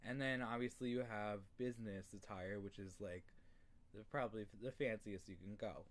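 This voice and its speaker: A young man from New York State tutoring English in a casual lesson, relaxed, with many fillers and throat clearing. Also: lowish voice, moderate pace. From New York State, USA.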